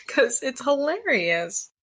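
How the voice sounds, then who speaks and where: Giggly female co-host, unhurried, with a bright, sharp voice. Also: high-pitched, big pitch swings, breathy edge. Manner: giggly, laughs often. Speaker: podcast co-host. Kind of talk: casual chat.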